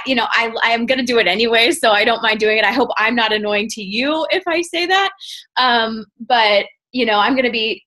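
A chatty woman with a higher voice runs a team call over her computer mic. She rambles energetically with plenty of fillers. Her talk is easy, casual and full of asides. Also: moderate pace, pushed and bright. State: out of breath. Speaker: team coach leading a video call. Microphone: computer mic on a video call.

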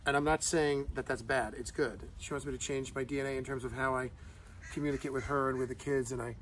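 A middle-aged man from New York chats in a plain-spoken way with a dry sense of humor. He sits well away from the mic, and clear background noise runs under his voice. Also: mid-range voice, fairly even intonation, quick pace, fairly bright tone, far from the mic. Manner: plain-spoken and dryly joking. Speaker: host's husband. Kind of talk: casual chat.

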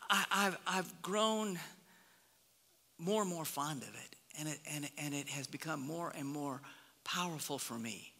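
A pastor from Nebraska preaching a conversational sermon, swinging between lively emphasis and hushed, almost whispered reflection. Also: male voice, fairly high pitch. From Nebraska, USA. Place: church sanctuary. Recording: long reverb of a church hall.

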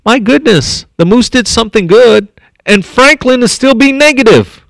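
Here the district superintendent, a man, visits an elementary school to read a picture book to young children, stopping often for lively asides and thinking aloud. His voice is very high and creaky, at a moderate pace, in a dry recording.

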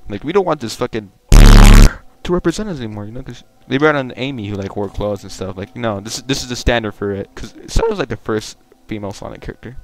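A young man giving casual, profane, joking commentary while playing a game online, rambling and bursting into loud excitement. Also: on the low side, fast talker, vocal fry. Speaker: gaming video creator.

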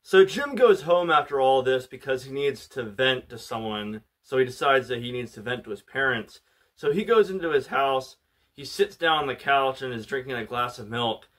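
Man, casual plot recap, loose filler-heavy delivery, middle pitch. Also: expressive, moderate pace, a bit bright. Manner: loose and chatty, many "like" and "you know" fillers. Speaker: movie reviewer.

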